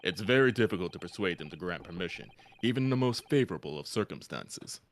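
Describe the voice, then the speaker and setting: A man voicing an elderly, formal male forensic professor in a video game, in a slightly gravelly, measured voice. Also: deep voice, expressive, slight background noise. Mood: solemn.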